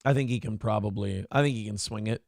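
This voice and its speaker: A man hosting a morning show, reacting to a clip with loud, profane mockery and shouting now and then. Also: on the low side, fast, vocal fry, no echo, studio quality. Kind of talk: crude comedic commentary on a clip.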